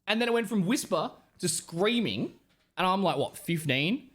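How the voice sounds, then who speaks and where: A man's voice: sits high, lively intonation, normal speed, fairly bright tone. A young Australian man streaming live, rambling through casual stories with plenty of swearing. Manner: rambling, profane storytelling. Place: home streaming setup.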